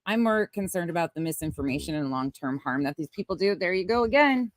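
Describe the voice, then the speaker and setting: This woman speaks fast in a fairly low, animated voice as she runs a casual livestream outdoors at night in the wind. Blunt and occasionally profane, she greets people from chat by name.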